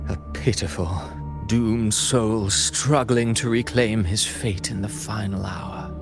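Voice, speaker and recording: An actor playing a cold, theatrical villain who speaks slowly and with scorn, heard from game audio with music behind. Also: male voice, lowish voice, vocal fry. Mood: scornful. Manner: slow, scornful and grandiose. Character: cold, theatrical male villain, grown man.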